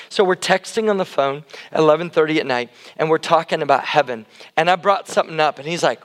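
Loud, high-voiced male pastor. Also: expressive, moderate pace, few pauses. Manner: loud, conversational, asks the congregation questions. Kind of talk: interactive sermon.

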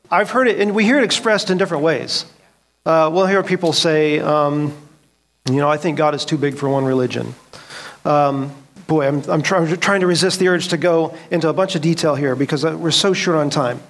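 A man's voice: a little high, fairly bright tone. A man teaching a church Bible class, asking the group questions and quoting scripture earnestly. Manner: earnest, asks the room questions, quotes scripture.

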